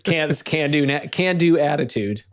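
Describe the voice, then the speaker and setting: A man's voice: fairly high pitch, lively intonation, moderate pace. Man with dry sarcastic quips. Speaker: podcast co-host. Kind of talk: casual chat.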